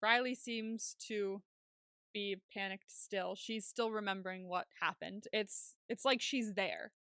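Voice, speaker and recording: A woman co-hosting a podcast, recapping a TV episode in casual chat, chatty and quick to laugh, with some casual swearing. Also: mid-range voice, sharp tone, clear, resonant tone, no echo, clean studio sound. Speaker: podcast co-host.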